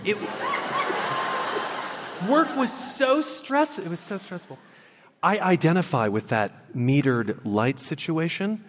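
A man's voice: on the high side, very animated, slow pace, long pauses, in a large hall, a loud crowd. A male talk show host chatting with a guest in playful, teasing banter. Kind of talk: casual interview chat. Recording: audience noise behind.

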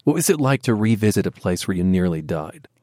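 A male public radio host with a lively, varied intonation, asking calm and curious questions. His voice sits close to a dry studio microphone with no room sound. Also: on the low side, a little fast, no room sound.

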